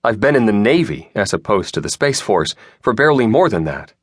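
A man's voice: lowish voice, big pitch swings, fairly quick, no echo. A male audiobook narrator voicing a young starship captain who talks bluntly and objects, recorded dry in a studio. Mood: tense.

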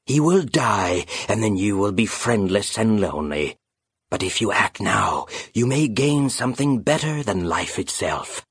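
A man voicing a sinister, ancient male phantom bird in an audiobook, speaking slowly and temptingly. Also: on the low side, sing-song, slightly rough, dry recording, clean studio sound, full character voice. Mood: sinister coaxing. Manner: slow, silky, tempting. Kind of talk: audiobook character voice.

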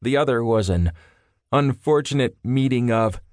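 A man's voice: mid-range voice, normal speed, darkish tone, no echo, clean studio sound, voice pushed up, lightly acted. A man voicing a wisecracking young male federal agent with a playful, joking manner. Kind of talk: audiobook character voice.

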